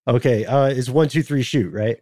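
A man from Tennessee, co-hosting a podcast and retelling a history story in a relaxed, joking way. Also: mid-range voice, normal speed, no room sound, studio quality. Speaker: podcast co-host. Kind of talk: casual chat, storytelling. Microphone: studio mic, remote video call.

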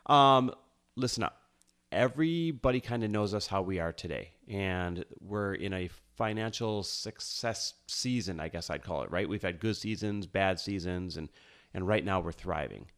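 A man's voice: low-pitched, moderate pace. Upbeat male podcast host. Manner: energetic, hyped intro. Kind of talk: podcast interview.

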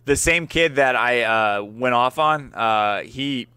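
A man's voice: mid-range voice, takes it slowly, bright, forceful tone, clean tone, dry recording. A man hosting a podcast, telling stories in casual banter, swearing and laughing as he goes. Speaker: podcast host.

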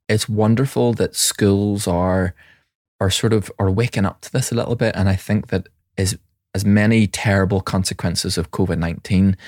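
A man in middle age talks in a low, warm register, recorded dry and close with no room sound. He works in mental health and tells stories with animation, slipping into the voices of the people he quotes. He often restarts his phrases as he thinks aloud. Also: dry recording. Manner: frequent restarts and repetitions. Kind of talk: conversational podcast talk.

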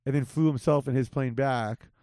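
Profane joking podcast host, dry mic. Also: male voice, medium pitch, steady tone, normal speed, warm tone, no echo. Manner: loose, profane, joking banter. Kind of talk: casual podcast chat.

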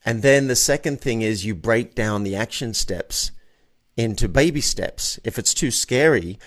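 A man's voice: mid-range voice, a little slow. Male guest, mid-range voice, earnest personal storytelling, restarts a lot. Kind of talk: casual chat.

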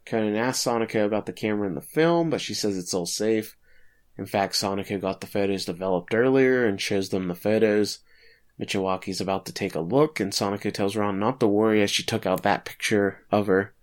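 This podcast co-host has a fairly low voice and talks a little fast. He sums up an episode casually, dropping in filler words and chuckling lightly as he goes.

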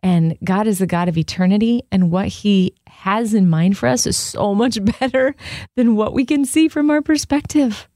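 A woman co-host talks in a conversational, reflective way. Her voice is mellow and of middle pitch. It is recorded dry, close to the mic. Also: normal speed, no echo. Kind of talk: reflective devotional chat.

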